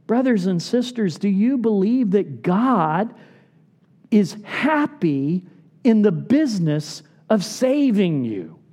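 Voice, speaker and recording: A middle-aged man preaching a sermon as a pastor, earnest and pleading, often dropping to soft low tones for emphasis.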